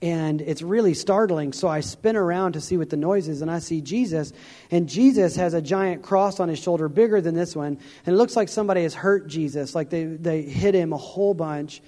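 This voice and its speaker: Guy sharing his testimony up on stage, informal and earnest, keeps restarting, soft warm tone, big echoey hall. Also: a little high, brisk. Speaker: traveling evangelist giving his testimony. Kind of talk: conversational testimony sermon. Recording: long hall reverb.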